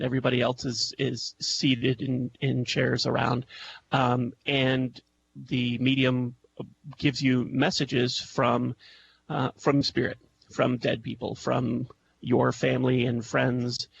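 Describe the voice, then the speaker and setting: A man with a heavily gravelly, creaky voice tells a story as a radio guest. He hesitates, restarts and fills gaps with ums. The call line is dull and lo-fi with a faint hiss behind him. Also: mid-range voice. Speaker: guest, music intuitive. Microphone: Skype call.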